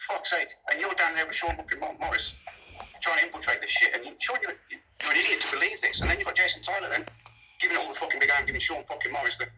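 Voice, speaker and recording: A man's voice: fairly high pitch, quick pace, noisy background. A man delivering an angry, heavily profane rant as a vlogger. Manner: heated, swears constantly.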